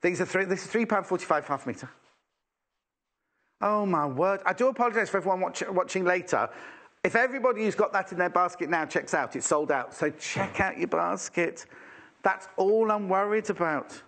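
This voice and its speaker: A man hosts a live shopping show, talking chattily and teasing his colleagues. His voice sits fairly high and swings widely in pitch. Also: lively intonation, normal speed, fairly bright tone. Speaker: shopping TV presenter. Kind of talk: live shopping channel chat.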